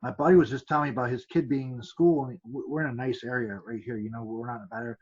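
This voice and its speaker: A man guest telling fight stories in a casual chat. He is an animated storyteller who restarts and repeats words. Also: mid-range voice, racing, breathy edge. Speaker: kickboxer guest. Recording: dull lo-fi podcast sound.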